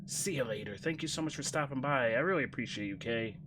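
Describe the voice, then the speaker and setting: A young man streaming a game, joking with chat and swinging between loud outbursts and quiet mumbling. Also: medium pitch, lively intonation, fast talker, noisy background. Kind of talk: livestream gameplay commentary.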